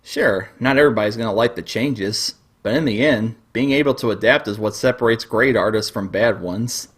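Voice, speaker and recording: Calm, husky-voiced young man reviewing. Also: lowish voice. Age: 20s. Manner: calm, reflective, measured. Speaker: online cartoon reviewer. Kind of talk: web video review.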